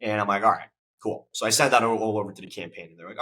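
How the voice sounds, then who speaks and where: A man's voice: fairly low pitch, steady tone, racing, bright, forceful tone, rough recording. A man in his twenties, a podcast guest, telling his story casually and acting out quoted dialogue with plenty of swearing.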